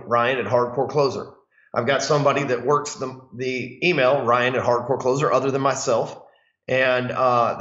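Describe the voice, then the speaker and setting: A man, a sales coach, talking casually to camera about his goals. He is blunt and profane, calls himself hot-headed, and acts out callers with sudden loud jumps in pitch. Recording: echoey room, dull lo-fi sound.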